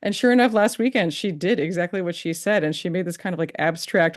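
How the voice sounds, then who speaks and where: A woman hosting a podcast, chatting casually and telling a lively story with laughs. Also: on the low side, fast. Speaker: podcast host. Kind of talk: casual interview chat.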